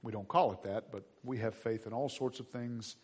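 Husky-voiced man preaching conversationally. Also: medium pitch, normal speed, a little mellow. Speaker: pastor. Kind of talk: sermon.

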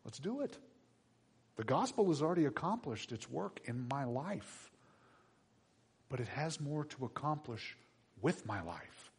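A middle-aged male pastor preaching a sermon, animated, acting out little voices. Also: mid-range voice, a little slow, breathy edge. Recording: long hall reverb.

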